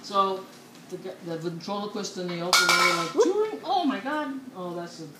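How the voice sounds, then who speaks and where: A woman's voice: lowish voice, expressive, moderate pace. A woman telling long rambling jokes on a show, laughing as she goes and losing her place. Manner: chatty, laughs mid-joke, loses her place. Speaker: joke-telling co-host. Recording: echoey room with clear noise.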